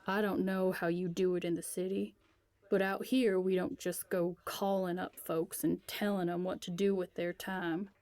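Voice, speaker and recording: Gruff, curt country man, read by a woman. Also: lowish voice, flat delivery, moderate pace, darkish tone, natural voice. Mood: suspicious, stern. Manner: curt, stern, affronted. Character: gruff suspicious rural older man.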